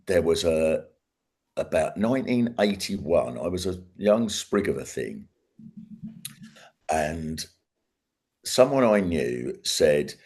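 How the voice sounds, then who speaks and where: A man in his sixties from England tells a story as a podcast guest, rambling and stopping to restart his sentences. His voice sits very low. It has a husky, slightly rough edge. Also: a little mellow. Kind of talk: casual anecdotal chat.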